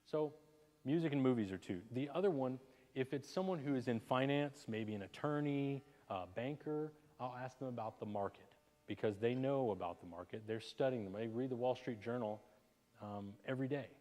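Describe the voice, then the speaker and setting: A man's voice: mid-range voice, moderate pace. Chatty man presenting in an echoing hall. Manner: energetic, chatty, asks the audience questions. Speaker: networking presenter. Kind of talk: live presentation to a small audience. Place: chamber of commerce meeting room. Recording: long hall reverb.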